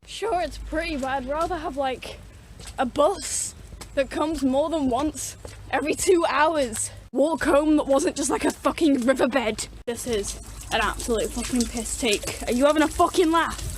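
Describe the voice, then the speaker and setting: High-voiced woman ranting, exasperated. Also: measured pace, slight background noise. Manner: exasperated, profane. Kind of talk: casual rant to camera.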